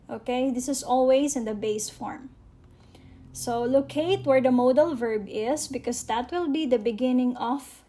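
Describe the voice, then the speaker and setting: A woman with a Filipino accent teaching an English grammar lesson, speaking slowly and deliberately and checking in with listeners often. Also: high-pitched, dark tone. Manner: slow and deliberate, often checks in with "okay?" and addresses "guys".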